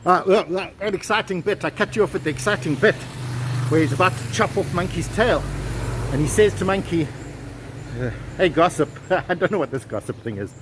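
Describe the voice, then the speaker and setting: In this casual walking vlog, a man with a high-pitched, animated voice tells a folk tale a little fast, adding lots of chatty asides. He's a travel vlogger out on a town street, and passing traffic can be heard.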